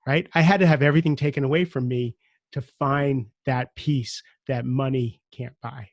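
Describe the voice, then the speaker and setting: A man's voice: medium pitch, steady tone, moderate pace, dry recording, dull audio. A middle-aged man with a Brooklyn accent hosting a podcast, chatty and reflective, with some teasing. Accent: Brooklyn, New York. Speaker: podcast host. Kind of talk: conversational interview hosting.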